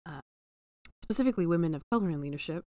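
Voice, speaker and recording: A young adult woman playing in a tabletop game, playful and quick to laugh. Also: fairly low pitch, lively intonation, darkish tone, no echo. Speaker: player. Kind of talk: casual tabletop play.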